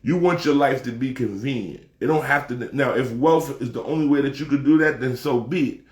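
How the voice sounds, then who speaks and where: A man's voice: medium pitch, fairly quick. Man ranting profanely in an echoey room. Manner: profane, emphatic, rising to shouts. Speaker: commentator. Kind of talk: heated casual rant.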